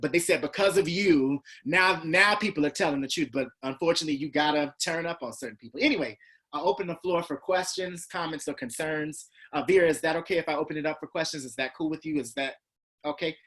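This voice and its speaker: A man from Georgia in the US, a teacher telling a class a personal story. He acts out other people's lines with big pitch swings. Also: fast, slightly rough. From Georgia, USA. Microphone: video call.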